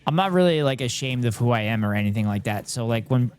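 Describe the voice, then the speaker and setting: A man's voice: medium pitch, lively intonation, fast, a little mellow, clean tone. Chatty male streamer in his thirties. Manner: chatty, reads chat aloud, self-deprecating. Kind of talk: casual live-stream chat.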